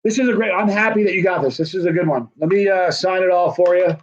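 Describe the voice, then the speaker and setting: A man's voice: high voice, fast talker. A man hosting a casual livestream, rambling through a friendly sales patter. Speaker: livestream host selling signed hot sauce. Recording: dull, muffled lo-fi sound.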